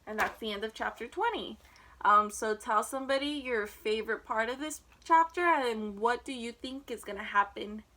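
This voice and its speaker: Woman, reading a children's book aloud, expressive storytelling, high bright voice. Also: moderate pace, slight background noise, low-quality recording.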